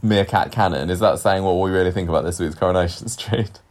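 A man's voice: low-pitched, fast talker. A man co-hosting a podcast, recapping a soap opera casually and animatedly, laughing often. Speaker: podcast co-host.

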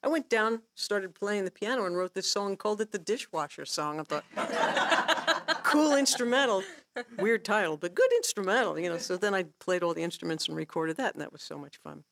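Gravelly woman telling songwriting stories. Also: fairly low pitch, quick pace, few pauses, crowd noise. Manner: animated storyteller, acts out her own inner voice; laughs often while explaining. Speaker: songwriting guest teacher. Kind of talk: casual workshop talk.

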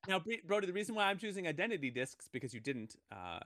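Man, podcast host, casual chat, bright higher voice, laughing and rambling, dry close mic. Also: very animated, fast talker, no room sound. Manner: laughing, rambling, playful sound effects.

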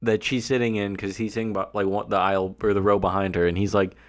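A man's voice: on the low side, level tone, fast talker. A man co-hosting a casual movie podcast, playful and jumping in with jokes. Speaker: podcast co-host.

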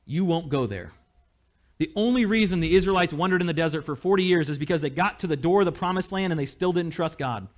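Fairly high-voiced male pastor preaching. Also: quick pace, few pauses. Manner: conversational, animated, with small laughs. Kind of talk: sermon.

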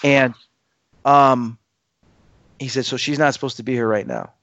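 Man, animated storyteller, acts out quoted voices, dull dry sound. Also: medium pitch, a little slow, no room sound. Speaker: guest telling a story.

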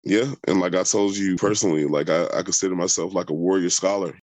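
A man's voice: sits low, steady tone, quick pace, a little mellow, no room sound. A young adult man telling a long personal story in conversation, rambling with many fillers and restarts. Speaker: interviewee.

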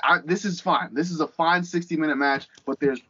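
A man's voice: fairly high pitch, brisk, pushed and bright, breathy edge, highs cut off. A man co-hosting a podcast, ranting heatedly and sarcastically with a lot of swearing. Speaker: podcast co-host.

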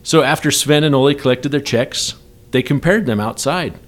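A man's voice: medium pitch, normal speed. A man co-hosting a casual workplace podcast, telling a long joke story and laughing often. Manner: laughs a lot while telling jokes. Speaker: podcast co-host.

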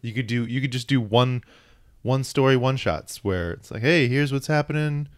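Male co-host, eager and chatty, ordinary middle pitch. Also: normal speed. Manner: enthusiastic, reads out credits. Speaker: podcast co-host. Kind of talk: casual chat about comics.

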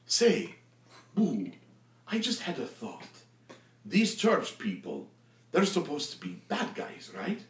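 A man voicing a dim, bloodthirsty male adventurer who blusters loud threats in broken grammar. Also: on the high side, wildly swooping pitch, slow, long pauses, echoey room, voice pushed up, full character voice. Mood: scheming.

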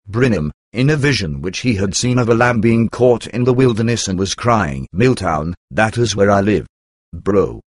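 A man reading a religious testimony aloud in a steady, earnest way. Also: lowish voice, dry recording, clean studio sound. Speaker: reader. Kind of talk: scripted narration of a religious testimony.

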